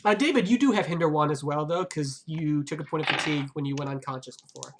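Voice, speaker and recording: A man's voice: a little high, fast, noisy background. A man running a tabletop game as game master, talking in an emphatic, bossy, profane way. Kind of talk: casual tabletop game chat.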